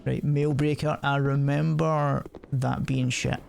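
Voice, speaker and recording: A man's voice: medium pitch, little pitch movement, slow, creaky, a little mellow, faint music behind. A young man streaming a game, rambling and swearing as he laughs through casual commentary. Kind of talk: casual commentary over gameplay. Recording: noisy background.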